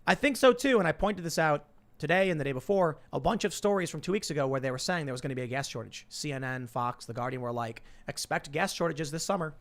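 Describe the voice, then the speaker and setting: A man hosting a live talk show, reading viewer messages aloud in quick, casual chat. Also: a little high, lively intonation, fairly bright tone. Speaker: show host.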